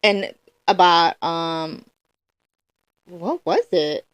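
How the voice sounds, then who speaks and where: A woman's voice: lowish voice, drawn-out words, smooth, no echo. A woman co-hosting a casual podcast chat, laid-back and teasing, laughing often. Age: adult, has a daughter. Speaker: podcast co-host.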